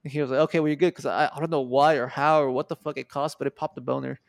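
A Mexican man in his twenties, guesting on a podcast, casually retells a story, cursing a lot and acting out what people said. He talks very fast in a gravelly, medium-pitched voice, with no echo.

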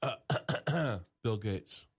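A man from Montana co-hosting a casual radio show, telling stories in an easy, drawn-out way and repeating phrases. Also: fairly low pitch, lively intonation, husky. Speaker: radio co-host.

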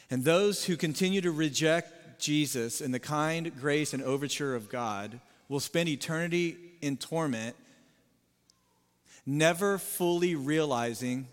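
A male pastor preaching a sermon, emphatic, swinging from loud rising appeals to low sober warnings. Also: a little slow, smooth, in a large hall.

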